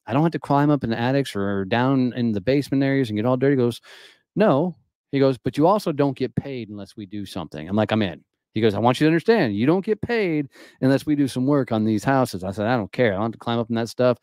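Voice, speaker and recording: A man from Texas telling a story as a podcast guest, in a blunt, profane and animated way. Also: medium pitch, dry recording, clean studio sound. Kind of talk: casual storytelling.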